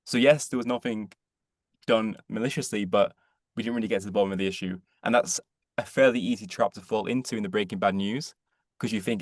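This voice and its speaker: Quick-talking young man with dry sound. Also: fairly low pitch, dry recording. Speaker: webinar presenter. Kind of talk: reflective explanation in a webinar.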